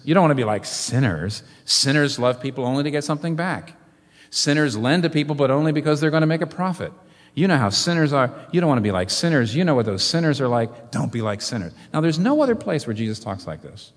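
Male preacher, lively, echoing hall. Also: medium pitch. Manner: animated preaching with rhetorical questions. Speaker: pastor. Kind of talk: sermon.

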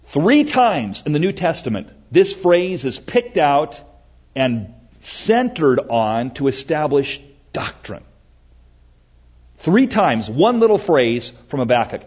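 Male pastor preaching, animated and husky, dull lo-fi recording. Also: mid-range voice, takes it slowly. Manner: emphatic, repetitive, animated teaching. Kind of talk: sermon.

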